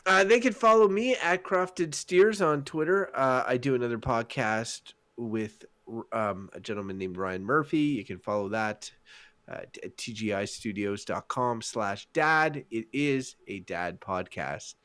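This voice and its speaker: A man appearing as a guest on a casual comedy podcast, chatting loosely and trailing off quietly. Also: medium pitch, measured pace.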